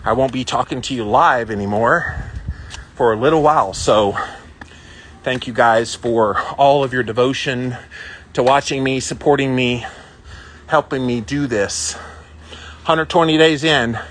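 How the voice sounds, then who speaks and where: A man's voice: medium pitch, measured pace, pauses often, fairly bright tone, a little hiss or hum. A man hosting a casual livestream while walking outdoors, chatting and reading out viewer comments. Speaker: livestream host. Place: outdoors on a walk.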